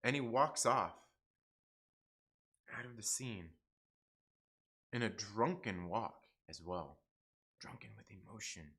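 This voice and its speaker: A young man hosting a casual livestream review, excitable, repeating himself and swearing often. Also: fairly low pitch, slow, pauses often. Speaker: YouTube show host reviewing TV episodes.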